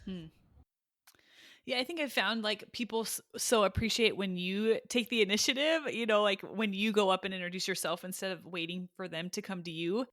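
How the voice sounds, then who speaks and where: A woman's voice: medium pitch, normal speed, a bit bright, no room sound, studio quality. A woman hosting a casual interview, agreeable and reflective, chiming in and laughing along. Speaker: host.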